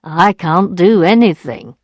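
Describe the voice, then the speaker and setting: Woman reading as cold scornful moneylender man, slow deliberate words, dry sound, storybook reading. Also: lowish voice, big pitch swings, no room sound, highs cut off, heavily acted. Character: cold, mocking male moneylender.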